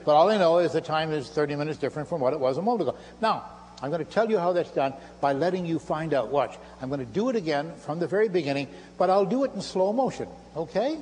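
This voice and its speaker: Before an audience on a lecture hall stage, an older man mixes a live lecture with magic demonstrations and playful, self-mocking showman patter. His voice sits on the high side, animated and slightly mellow, and he speaks at a quick pace. Audience laughter comes through the live hall recording, which has a faint hum.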